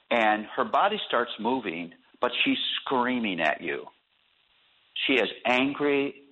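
A man guest on a radio interview, explaining his ideas through animated stories and acted examples. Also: mid-range voice, measured pace. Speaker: author and guest. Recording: tinny phone-line audio.

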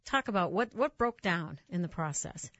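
A woman in her fifties hosts a radio talk show and asks her guest earnest, reflective questions. Her voice is fairly low, and it comes through dry and close. The sound is dull and muffled. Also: animated, normal speed, fairly bright tone, no echo. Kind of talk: radio interview.

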